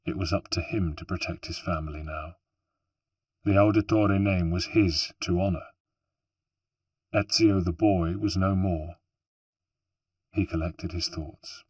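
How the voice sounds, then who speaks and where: Deep husky male audiobook narrator. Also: measured pace, long pauses, no echo. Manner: steady, even storytelling. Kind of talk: scripted narration.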